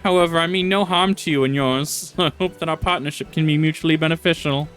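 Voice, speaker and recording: A man's voice: on the high side, steady tone, fast talker, fairly bright tone, soft background music, voice pushed up, lightly acted, poor audio. A man voicing a scheming pumpkin-headed witch in a game, using a pompous villain voice rather than a female one. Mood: sly. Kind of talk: reading game dialogue aloud.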